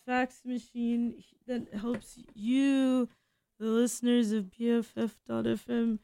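A young woman hosts a small radio show in a slow, meandering comedic monologue. Her voice sits a little high, and she keeps undercutting herself with nervous, self-deprecating asides and frequent laughs. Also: dark tone.

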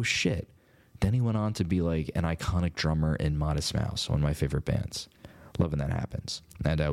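Closing out his radio episode, a nasal-voiced host rambles in a relaxed, chatty way. His voice rumbles low with a warm tone, fitting the casual outro.

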